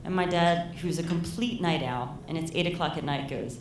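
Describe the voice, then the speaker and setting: A woman tells a story live on stage in a loose, rambling way, her lowish voice carrying through a roomy hall. She sounds a little set back from the mic, with faint room ambience behind her. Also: moderate pace, distant mic, a little hiss or hum. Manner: casual, rambling, heavy use of "like". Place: live storytelling event in a venue.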